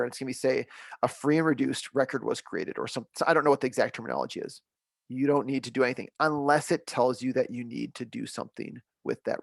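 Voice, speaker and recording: A man's voice: mid-range voice, vocal fry, no echo. Male webinar trainer, mid-range voice, upbeat and reassuring, dry close mic. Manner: upbeat, reassuring, repeats key points. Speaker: software trainer.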